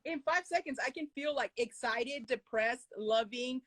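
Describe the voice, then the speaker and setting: A woman's voice: high voice, normal speed, heavy background noise. A woman life coach chatting casually on a podcast, blunt and swearing, acting out what she tells herself. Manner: blunt, swears, acts out quotes. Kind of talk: casual chat.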